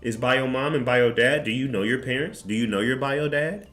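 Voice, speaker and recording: A man's voice: moderate pace, a bit bright, faint music behind, natural voice. A man voicing a hostile, prejudiced woman clerk at a driver's license office, questioning someone with scorn. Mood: interrogating. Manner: interrogating, scornful and shrill.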